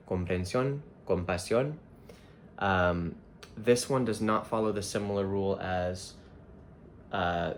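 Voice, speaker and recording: A man teaching Spanish vocabulary in a relaxed, thinking-aloud way, with frequent fillers and restarts. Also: low-pitched, slight background noise. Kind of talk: casual explanatory lesson.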